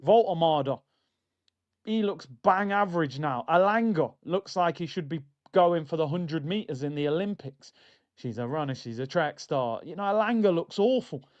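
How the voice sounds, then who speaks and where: A man's voice: a little high, darkish tone, highs cut off. A man hosting a football watchalong stream, chatting in a casual, opinionated and slangy way and addressing his viewers as "people". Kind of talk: casual fan chat.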